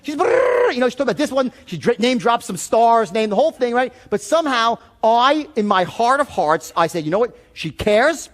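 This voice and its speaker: A middle-aged man giving a sales seminar, telling stories in an animated, blunt way full of profanity. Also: extremely high pitch, brisk, few pauses. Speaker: sales trainer. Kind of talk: seminar talk.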